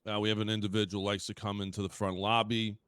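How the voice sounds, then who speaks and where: A man's voice: fairly low pitch, little pitch movement, fast talker, a bit bright, smooth, no room sound, studio quality. A man playing a police interviewer in a game role-play, asking questions with many hesitations. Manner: hesitant, filler-heavy questioning.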